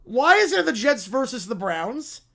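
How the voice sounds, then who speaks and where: A whiny, sulking male brat who insists he is Canadian, put on by a man reading a viewer prompt. He talks high and loud and drags every complaint out as he whines. It is a comic skit for a live game stream. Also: big pitch swings, a little slow, creaky, heavily acted. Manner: whining, loud and drawn out.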